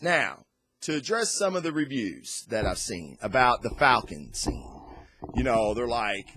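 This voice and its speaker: A man hosting a casual comic and movie review, rambling and excitable, with lots of fillers and restarts. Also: mid-range voice, unhurried, a little hiss or hum. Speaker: host.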